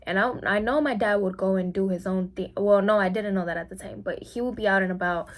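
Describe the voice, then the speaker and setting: A woman's voice: mid-range voice, fairly even intonation, fast. A young woman from Mexico telling a personal story in a casual vlog monologue, full of "like"s and acting out what people said. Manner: chatty, many "like"s, acts out quoted lines. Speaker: mukbang vlogger.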